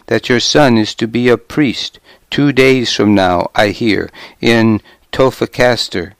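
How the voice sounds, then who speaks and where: A man's voice: medium pitch, slow, gravelly, no echo. A man voicing a sly, wild-bearded wandering preacher in an audiobook, speaking slyly. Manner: sly, wheedling.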